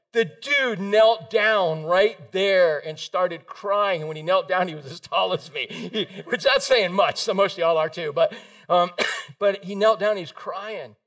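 A man preaches with a high voice, storytelling with animated energy and slipping into the voices of the people he quotes. His voice carries from a little way off the mic, as in a church hall. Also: recorded from a distance. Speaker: pastor. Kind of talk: sermon.

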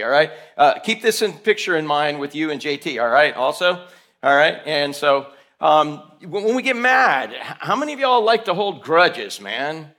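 A man preaching a sermon, running a hands-on demonstration with volunteers and firing questions at the congregation. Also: fairly high pitch. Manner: animated, coaxing volunteers, calling out questions to the room. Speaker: pastor.

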